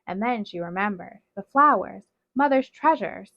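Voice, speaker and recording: A woman reading a novel aloud in steady, dramatic narration, on a dull, dry recording. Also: mid-range voice, normal speed, no echo. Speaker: storybook reader.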